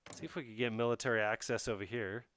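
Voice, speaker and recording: A man's voice: mid-range voice, steady tone, quick pace, fairly bright tone. A man streaming a strategy game, thinking aloud and chatting with his viewers in a casual way. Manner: thinks aloud, talks to chat. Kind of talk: casual live-stream commentary while playing a strategy game.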